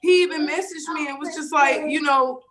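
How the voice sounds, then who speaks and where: A woman's voice: high-pitched, steady tone, moderate pace, crowd noise. A woman caller on a group call, tearful and emotional, thanking the hosts in a rambling way. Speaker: caller who won a raffle.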